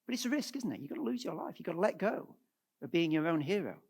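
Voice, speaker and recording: A middle-aged man giving a presentation at a church, animated and asking the audience rhetorical questions. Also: high-pitched, fast talker, vocal fry, breathy edge. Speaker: guest speaker.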